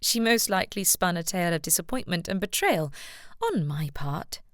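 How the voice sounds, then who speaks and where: A woman's voice: lowish voice, expressive, moderate pace, fairly bright tone, no room sound. Witty young lady, voiced by the woman narrator; tart, lifted and half-whispered, dry. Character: sharp-tongued young lady with freckles. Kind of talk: audiobook narration.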